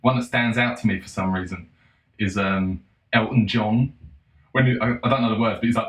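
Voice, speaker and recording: A man's voice: fairly low pitch, fairly even intonation, moderate pace. Sweary man ranting in a roomy space. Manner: profane, sarcastic, bursts into mocking shouts. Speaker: solo commentator. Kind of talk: casual ranting monologue. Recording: roomy echo.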